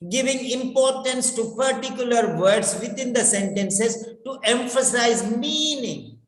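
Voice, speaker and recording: A spoken English teacher giving a classroom lecture, repeating key phrases slowly and speaking directly to students. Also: medium pitch, lively intonation. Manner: instructive, addresses students directly. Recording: echoey hall with long reverb.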